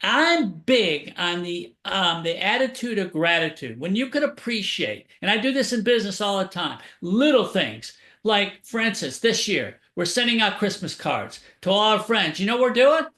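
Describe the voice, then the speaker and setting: A man with a high, bright voice, talking as an upbeat motivational guest on a radio interview. His stories come across with energy. The room around him rings with echo. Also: very animated, moderate pace, few pauses. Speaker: author and keynote speaker.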